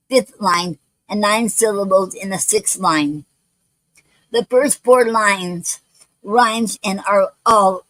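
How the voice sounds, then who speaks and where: A woman hosting a poetry livestream, talking in a halting way with many restarts, spelling out words letter by letter, some words not coming out clearly. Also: medium pitch, dry recording, poor audio. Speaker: poetry show host. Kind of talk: casual livestream talk. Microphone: home livestream mic.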